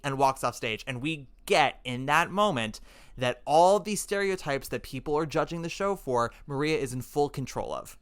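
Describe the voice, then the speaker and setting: A man hosting a casual podcast chat, animated and acting out the scenes he describes. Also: medium pitch, fairly quick, clean tone. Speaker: podcast host.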